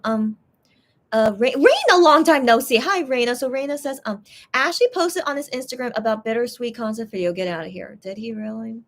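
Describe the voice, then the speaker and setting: A woman's voice: fairly high pitch, expressive, brisk. Young woman chatting while translating. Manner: hesitant, many restarts while translating. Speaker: fan streamer translating for viewers. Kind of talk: casual live-stream chat.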